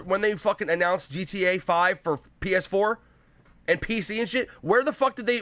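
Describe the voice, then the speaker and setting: A man hosting a live gaming show on a headset mic, ranting angrily with constant swearing and bursts of shouting. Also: high-pitched, normal speed, no echo. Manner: angry, profane, shouting at times.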